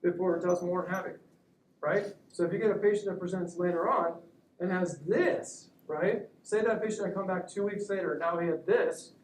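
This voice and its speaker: A man's voice: high voice, moderate pace, slight background noise. Man lecturing in an echoey room. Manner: conversational, keeps checking in with "right?". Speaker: orthopedic surgeon lecturing students. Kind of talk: classroom lecture. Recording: echoey room, recorded from a distance.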